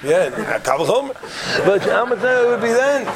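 A man teaching a lively Torah class in a casual, joking way, often asking his listeners questions. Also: high-pitched, normal speed, a crowd in the background. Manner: animated, jokey, asks the audience questions.

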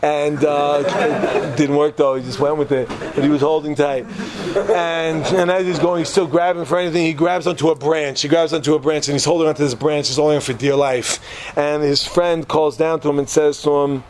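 A man giving an informal religious talk, an animated and chatty storyteller who drops joking asides between his points. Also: fairly high pitch, normal speed, slight background noise. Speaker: Torah teacher.

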